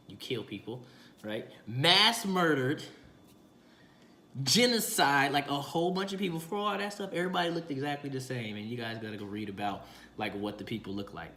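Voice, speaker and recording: A man's voice: mid-range voice, a bit bright. A man ranting casually about politics, firing off rhetorical questions in slangy, emphatic speech. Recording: echoey room with faint noise.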